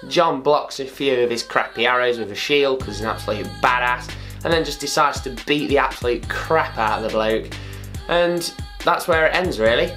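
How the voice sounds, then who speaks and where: A man vlogging in a loose, chatty way, swearing freely and getting excited as he talks. His pitch sits in a middle range for a man. Faint music plays behind him. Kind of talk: casual chat.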